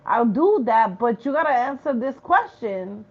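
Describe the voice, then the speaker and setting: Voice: medium pitch, very animated, a little slow, dull audio. A woman voicing a sassy, impatient wish-granting genie that talks bluntly and dismissively.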